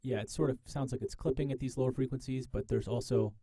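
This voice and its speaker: Dark-voiced man lecturing, dry close mic. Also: medium pitch, fairly even intonation, slightly rough, no echo. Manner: thinking aloud, halting restarts, repeated mic tests. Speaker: music professor. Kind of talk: live lecture demonstration.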